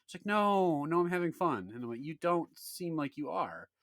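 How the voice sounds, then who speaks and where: A man's voice: a little high, very animated, normal speed, a bit bright, no room sound, studio quality. A man in his thirties co-hosting a podcast, telling a story in a rambling casual way, full of fillers and acted-out quotes. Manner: rambling, many "like"s, acts out quotes. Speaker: podcast co-host.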